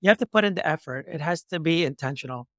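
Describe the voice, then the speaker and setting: A man's voice: on the high side, fast, no room sound, studio quality. A man hosting a talk show, telling stories with acted-out dialogue and speaking in motivational metaphors. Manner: acts out both sides of remembered dialogues with lively shifts. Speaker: podcast host. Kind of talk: animated storytelling in conversation.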